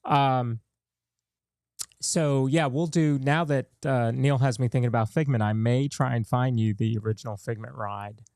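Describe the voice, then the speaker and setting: A man's voice: medium pitch, steady tone, moderate pace, a little mellow, clean tone, dry recording, studio quality. A man hosting a podcast, talking loosely with lots of fillers in casual chat. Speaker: podcast host.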